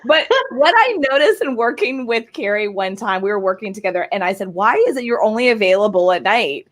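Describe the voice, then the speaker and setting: A woman's voice: mid-range voice, animated, brisk. A woman hosting a casual interview over a video call, encouraging her guest and often adding "right?". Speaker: host.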